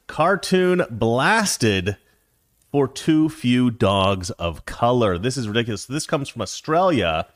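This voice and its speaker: A sarcastic male host rants through casual livestream commentary. His pitch swings up and down as he talks, and the sound is dry and close. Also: very animated, slow pace, dry recording. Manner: sarcastic, ranting.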